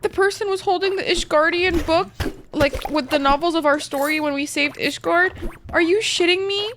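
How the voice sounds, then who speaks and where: A woman's voice: very high-pitched, moderate pace, background noise. A woman streamer chatting casually while gaming, rambling and emotional, with lots of "like" and swearing.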